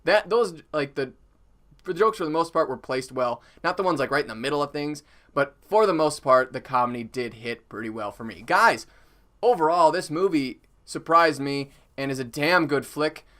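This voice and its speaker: A man's voice: on the high side, expressive, moderate pace, fairly bright tone. Chatty young man reviewing a movie. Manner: chatty, full of "like" and "um" fillers. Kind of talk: casual online movie review.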